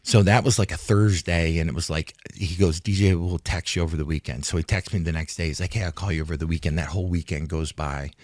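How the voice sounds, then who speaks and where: Casting: very low male voice, dry studio sound, rambling retired fighter recounting events. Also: steady tone, quick pace, few pauses, darkish tone, no echo. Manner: rambling, restarts, acts out quoted talk. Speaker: retired fighter, interview guest. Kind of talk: casual storytelling interview. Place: studio in Hollywood.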